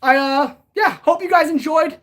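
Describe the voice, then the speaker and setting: A woman's voice: high voice, normal speed. A woman hosting a casual livestream, winded as she talks between sword swings and answers viewers. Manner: chatty, answers viewers directly. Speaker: blacksmith livestream host.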